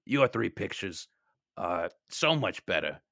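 A man's voice: deep voice, big pitch swings, takes it slowly, bright, forceful tone, no room sound, studio quality. A man co-hosting a comedy podcast, improvising as a pompous rich film producer. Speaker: podcast co-host.

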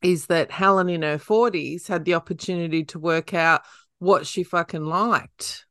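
A woman's voice: on the low side, steady tone, moderate pace, a bit bright, no echo, studio quality. A woman in her forties hosting a podcast, talking frankly and encouragingly with plenty of swearing. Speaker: podcast host. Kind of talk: casual podcast chat.

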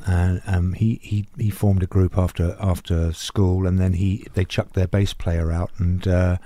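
A man in his sixties with a lowish voice talks about his music career as a guest. His manner is relaxed, wry and self-deprecating. The sound is close and dry. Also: a little slow, dry recording. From England. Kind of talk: interview conversation.

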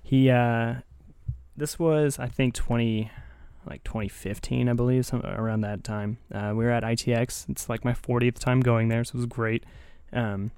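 A man's voice: medium pitch, fairly even intonation, normal speed, a little mellow, clean tone, no echo, studio quality. Laid-back man telling a story. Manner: laid-back, laughs often, swears casually. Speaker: podcast host. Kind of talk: casual storytelling chat.

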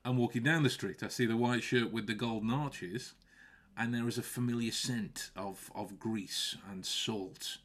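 A man hosts a relaxed podcast conversation at an ordinary middle pitch. He often stumbles, restarts his sentences and laughs between points. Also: unhurried. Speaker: podcast host. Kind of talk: casual podcast chat.

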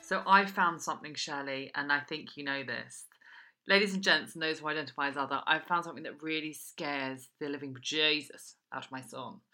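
Fast-talking low-voiced woman. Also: bright, forceful tone, soft background music. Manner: frank, chatty storytelling. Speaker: podcast co-host. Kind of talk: casual chat.

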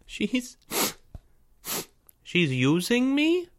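A man's voice: lowish voice, expressive, slow pace, fairly bright tone. A man reading a story aloud, voicing a fifth-grade boy who whines, sobs and begs. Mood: whiny pleading. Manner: whining, pleading, blubbering.

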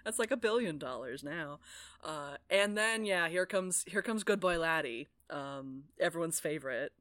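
A woman co-hosting a casual podcast about a fantasy novel, animated and laughing, often quoting characters in silly voices. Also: deep voice, normal speed, no echo. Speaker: podcast co-host. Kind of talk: casual book-club chat.

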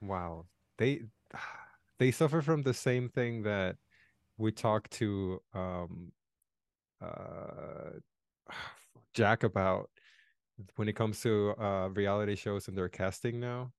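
A man co-hosting a podcast in casual chat, laid-back and halting, often chuckling. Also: on the low side, clean tone, no echo, studio quality. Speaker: podcast co-host.

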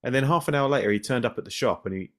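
A man's voice: mid-range voice, very fast. Casual male podcast co-host. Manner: rambling anecdotes, animated when laughing. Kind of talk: casual chat.

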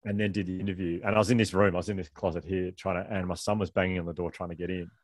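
A middle-aged man with a deep voice tells a personal story at a rapid clip. He rambles and often breaks off to restart his sentences. The sound is dry and close. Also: flat delivery, dry recording. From Australia. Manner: fast, rambling, self-interrupting with restarts. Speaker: author and guest. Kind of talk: candid conversational storytelling.

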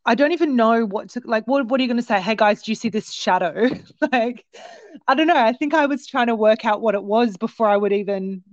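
A woman guest telling a story in a rambling, animated way, with many restarts. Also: a little high, a little fast, dry recording. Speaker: guest recounting a sighting. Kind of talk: casual storytelling. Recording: dull, lo-fi, dry sound.

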